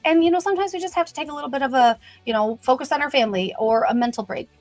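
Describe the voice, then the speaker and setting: A woman's voice: high voice, racing, dry recording. A woman hosting a casual livestream, greeting viewers and chatting upbeat with lots of "you know" fillers. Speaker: host of a brand livestream.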